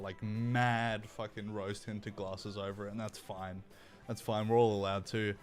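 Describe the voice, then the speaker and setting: A young man hosting a livestream, ranting in a crude, sarcastic commentary style. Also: fairly low pitch. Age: young adult. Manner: crude, sarcastic, mocking asides. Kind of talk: profane casual commentary rant.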